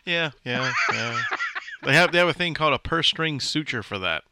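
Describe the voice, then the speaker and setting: A man's voice: fairly high pitch, lively intonation, normal speed, very noisy. A man co-hosting a podcast, blunt and swearing freely, laughing often in casual banter. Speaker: podcast co-host.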